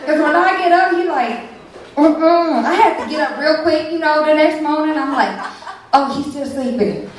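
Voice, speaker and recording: A woman's voice: high-pitched, normal speed, a little hiss or hum, natural voice. A woman voicing a brash, sassy character who brags about her backside, in a slangy, boastful manner. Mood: bragging. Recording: echoey club from far off. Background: audience laughter.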